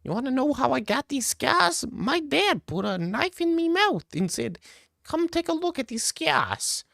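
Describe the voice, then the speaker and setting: A man doing a squeaky, cackling Joker. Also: big pitch swings, unhurried, gravelly, fairly bright tone, no echo, studio quality, heavily acted. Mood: manic. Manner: squeaky exaggerated impression. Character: cackling menacing male villain clown.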